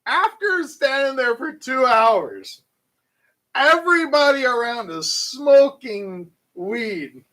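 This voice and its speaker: A man casually telling a long, animated story full of fillers and restarts. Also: very high-pitched, takes it slowly, rough recording. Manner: animated, rambling anecdote with frequent fillers. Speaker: channel host.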